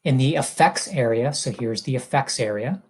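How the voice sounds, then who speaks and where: A male instructor walking through a software exercise step by step, reading each instruction aloud and thinking out loud as he clicks. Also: medium pitch, animated, moderate pace, slightly rough. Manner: methodical, reads steps aloud and thinks out loud. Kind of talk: screen-recorded software tutorial.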